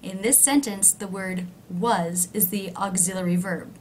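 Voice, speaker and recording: A woman teaching pronunciation in a scripted lesson, speaking clearly and slowing down to model example sentences. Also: medium pitch, steady tone, a little mellow, a little hiss or hum.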